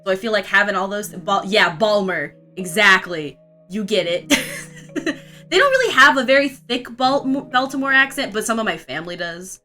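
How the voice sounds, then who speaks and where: A woman's voice: mid-range voice, very animated, moderate pace, sharp tone, faint music behind. A young woman from Florida with a vaguely Southern accent, rambling and laughing as she chats casually with her stream while drawing. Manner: rambling, giggly, chatty.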